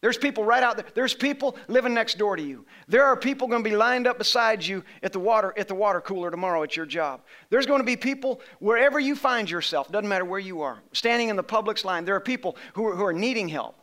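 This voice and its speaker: High, bright-voiced male pastor preaching. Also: lively intonation, quick pace, hardly any pauses. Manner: emphatic, rising to shouts on key phrases; leads call-and-response with the congregation. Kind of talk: sermon. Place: church sanctuary.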